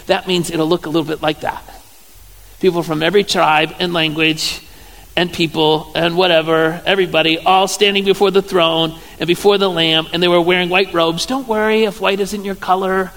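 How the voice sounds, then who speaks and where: A man, a pastor giving a sermon in a playful, joking storytelling way with sudden loud exclamations. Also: high voice, little pitch movement, moderate pace. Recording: church hall reverb.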